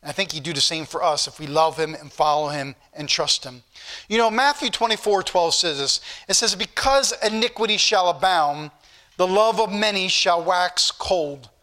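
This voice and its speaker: A man's voice: sits high, moderate pace, sharp tone. A man preaching a Sunday school sermon, earnest and rising to fervent questions, with old-fashioned scripture phrasing.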